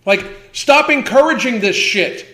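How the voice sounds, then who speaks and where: A man's voice: very high voice, lively intonation, measured pace, pushed and bright, reverberant. Profane, heated man in his fifties. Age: 50s. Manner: profane, heated, emphatic repetition. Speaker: host. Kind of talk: ranting livestream commentary.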